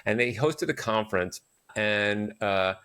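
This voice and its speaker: Male therapist guest, lowish voice, halting, thinks aloud with lots of "uh"s. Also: animated, sharp tone, clear, resonant tone. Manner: halting, with many "uh"s and restarts. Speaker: guest, psychotherapist and author. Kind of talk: conversational interview answers.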